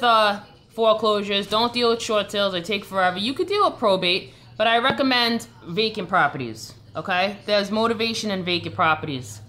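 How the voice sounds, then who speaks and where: Bright-voiced woman with a Long Island accent. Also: medium pitch. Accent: Long Island New York. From Long Island, New York. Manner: chatty, coaching, reads and answers comments. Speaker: live stream host answering viewer questions. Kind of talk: casual live stream Q&A.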